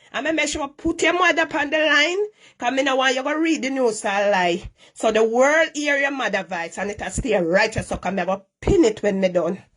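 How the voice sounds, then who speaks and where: A middle-aged Jamaican woman scolding at length on a live stream, repeating herself in heavy Patois. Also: a little high.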